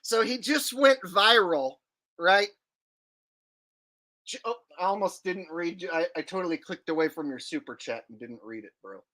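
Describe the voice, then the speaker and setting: Bright-voiced joking male streamer. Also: high voice, moderate pace. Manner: joking, animated, casual swearing. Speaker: livestream host. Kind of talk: casual livestream chat reading super chats.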